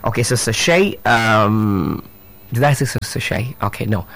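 Leading a live pronunciation drill for teachers, this man has a fairly low voice with vocal fry and a slightly bright edge. He spells each word letter by letter, talks directly to his listeners, asks rhetorical questions, and keeps his teaching slow and drawn-out, full of fillers and repeats.

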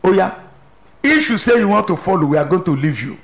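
A man voicing a calm male pastor at a burial who speaks evenly and with dry mockery, in a gravelly voice with a roomy echo. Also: sits high, brisk. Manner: calm, dryly mocking.

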